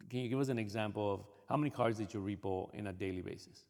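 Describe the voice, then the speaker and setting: A man interviewing a guest, asking short questions with some halting starts. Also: on the low side, darkish tone, long reverb tail.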